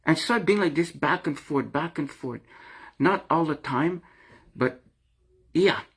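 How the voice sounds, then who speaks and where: A middle-aged vlogger with a voice on the high side, fairly bright and breathy, speaks without hurry. Talking to camera in an earnest, emotional, confessional way, he rambles through his personal experience, often repeating and restarting phrases.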